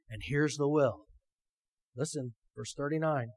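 A man's voice: on the high side, normal speed. A male pastor preaching a sermon, reading scripture and stressing it with rhetorical questions. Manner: emphatic, rhetorical questions, reads scripture aloud.

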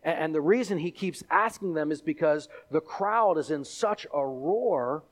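A male pastor preaches a sermon, telling the story with animated delivery and acting out both the characters and the crowd. His voice sits on the high side, and his pace is moderate.

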